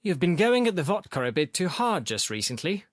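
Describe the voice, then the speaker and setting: A man's voice: sits high, sing-song, a little fast, no room sound, studio quality, voice pushed up. A man doing a firm, insistent young doctor. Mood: lecturing. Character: young energetic male doctor, firm and strict.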